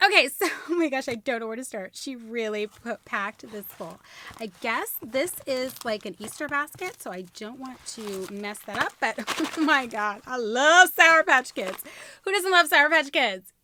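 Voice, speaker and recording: A young woman chats through an unboxing, her high voice leaping about as she gushes and squeals over each gift. The tone is bright and sparkly, and a faint hiss sits under the recording. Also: lively intonation, moderate pace. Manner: gushing, squealing with delight. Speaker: YouTube host unboxing a gift box. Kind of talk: bubbly unboxing vlog.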